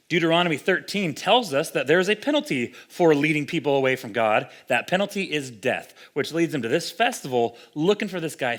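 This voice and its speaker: Brief: young male pastor, conversational sermon, lively delivery, voice a touch high. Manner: conversational, animated, acts out quoted voices.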